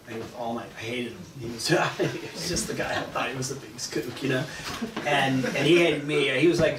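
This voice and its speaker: A man's voice: medium pitch, fairly bright tone. A man in his fifties with a Californian accent, telling rambling travel stories in a casual interview, often laughing. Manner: laid-back, rambling, laughs often, acts out voices in anecdotes. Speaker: interview guest, former pro surfer. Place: large echoey room at a live event. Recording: distant mic, roomy echo, noisy ambience.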